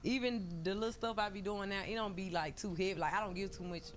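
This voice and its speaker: A woman's voice: mid-range voice, fairly even intonation, fast talker, a little hiss or hum. A woman guest in a casual interview, slangy, playful and profane, with a non-New York American accent, who laughs a lot. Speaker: guest rapper.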